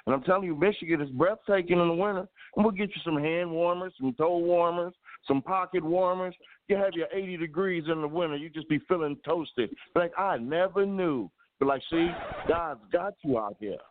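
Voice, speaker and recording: Man, caller, enthusiastic, persuasive, high voice, phone-line sound. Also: normal speed, few pauses, no echo. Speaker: guest. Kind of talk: casual call-in chat. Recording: tinny dry phone line.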